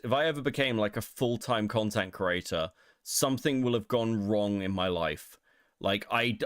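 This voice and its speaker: A man's voice: medium pitch, no echo, studio quality. A man hosting a podcast, commenting casually with wry laughs and offhand swearing. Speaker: host.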